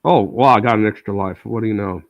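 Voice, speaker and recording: A man's voice: lowish voice, quick pace, vocal fry, no echo, highs cut off. A man streaming live, chatting casually in a rambling, sarcastic way with many filler words.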